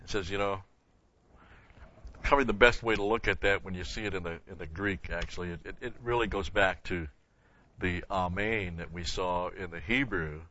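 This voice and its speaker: Emphatic male Bible teacher, bright voice. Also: low-pitched, moderate pace, dull audio, slight background noise. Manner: asks the class questions and answers them himself; stresses key words with emphatic repetition. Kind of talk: verse-by-verse Bible lesson.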